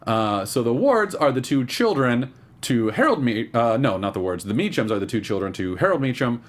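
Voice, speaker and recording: A young man co-hosting a podcast in casual chat, joking and acting out quotes in high voices. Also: normal speed. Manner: animated, jokey, acts out quotes in high voices. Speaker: podcast co-host.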